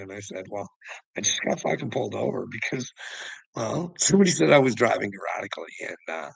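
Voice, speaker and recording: Gravelly and husky, this man's lowish voice comes through animated and fairly quick on a dry, rough recording. Furious and profane, he vlogs about his encounter with the police, heavy with swearing and agitation.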